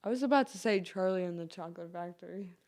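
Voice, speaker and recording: A woman who is a guest on a podcast, making playful, drawn-out remarks in a casual chat. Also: lowish voice, a little mellow.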